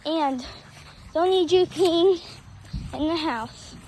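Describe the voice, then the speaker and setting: This is a young girl's very high, darkish-toned voice, moving at a slow pace as she plays outdoors in a yard with her dog. She coaxes and chats to him in a playful sing-song, casual vlog fashion, with a little hiss or hum in the background.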